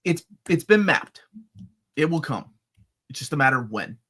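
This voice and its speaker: Man, co-host, bright voice, lively swings in pitch, playful, casual live chat. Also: normal speed, husky. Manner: upbeat, playful, reads out viewer questions.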